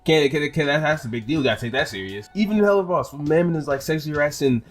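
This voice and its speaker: Young man, slightly high voice, exasperated ranting commentary, faint music behind. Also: fast. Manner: exasperated, ranting, repeats words and swears. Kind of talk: casual reaction rant.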